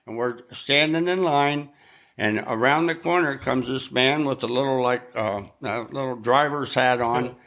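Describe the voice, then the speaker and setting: A man's voice: mid-range voice, moderate pace, a bit bright. An older man, a guest musician, telling anecdotes in a casual chat and acting out the voices of the people he quotes. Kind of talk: casual storytelling.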